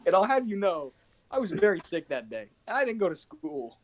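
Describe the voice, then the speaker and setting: A man's voice: high voice, big pitch swings, a little fast. Teasing young male co-host. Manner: teasing, emphatic. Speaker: podcast co-host. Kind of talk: casual chat.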